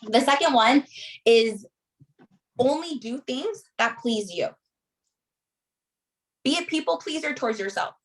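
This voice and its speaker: A woman's voice: sits high, lively intonation, unhurried, long pauses, poor audio. A woman leading a group coaching session, giving motivational advice in an emphatic way and checking in with "right?" after nearly every point.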